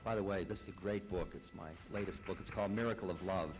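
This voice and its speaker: A man's voice: deep voice, fast, music in the background. Wry man telling a spiritual story. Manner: wry, self-deprecating, chuckling asides. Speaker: spiritual teacher and author. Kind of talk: storytelling talk and reading aloud.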